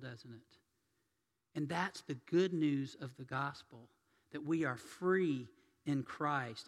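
Man, pastor's sermon, slightly high voice, long church-hall reverb. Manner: storytelling, swings between loud and hushed. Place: church sanctuary.

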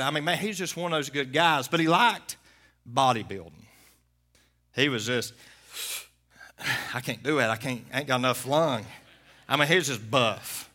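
Male pastor, folksy sermon storytelling, bright higher voice, loud to hushed.

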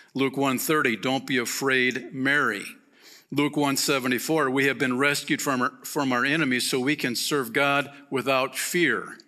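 Pastor preaching a sermon: a man with a bright, forceful voice, slow and emphatic, asking the room questions. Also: mid-range voice.

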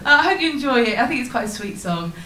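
A woman's voice: fairly high pitch, very animated, racing, pushed and bright. A woman doing chatty stand-up patter on stage, with dry asides. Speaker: comedian and singer. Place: comedy stage with a live audience. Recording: echoey live room with faint noise.

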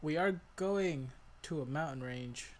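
A man's voice: fairly high pitch, unhurried, slight background noise, natural voice. A man playing a male warrior leader in a tabletop game, speaking earnestly and plainly in his own voice. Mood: reassuring. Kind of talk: in-character tabletop role-play.

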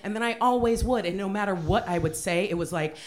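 A woman comedian telling a personal story on a comedy podcast, candid and animated, with plenty of swearing. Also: medium pitch, fast. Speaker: comedian guest.

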